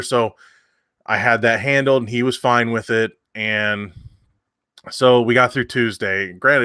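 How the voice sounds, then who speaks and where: A man's voice: mid-range voice, sharp tone, clear, resonant tone, no echo, clean studio sound. A man, hosting a livestream and telling a long story in casual chat with many fillers and restarts. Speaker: livestream host.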